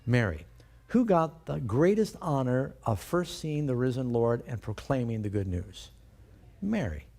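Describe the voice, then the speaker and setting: A man's voice: mid-range voice, sing-song, measured pace, creaky, warm tone. A male pastor preaching a sermon, emphatic and putting rhetorical questions to his congregation.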